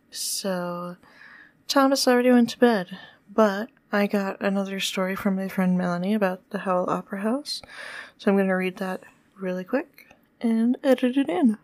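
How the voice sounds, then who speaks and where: Chatty young woman hosting a podcast. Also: mid-range voice. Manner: chatty and animated, laughs easily. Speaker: podcast host. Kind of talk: casual chat, reading a friend's ghost story aloud.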